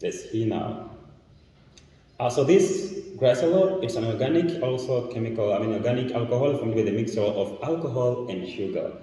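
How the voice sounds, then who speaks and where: A man's voice: medium pitch, lively intonation, normal speed, mellow. Tanzanian man teaching chemistry in an echoey room. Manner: explanatory, step by step. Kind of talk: classroom demonstration lesson. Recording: echoey room, mic far off.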